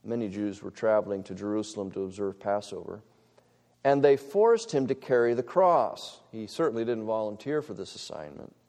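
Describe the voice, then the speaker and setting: A man preaching a sermon from the pulpit, swinging between loud, urgent, high-pitched peaks and low, quiet stretches. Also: animated, normal speed, big-room sound. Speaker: pastor. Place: church sanctuary.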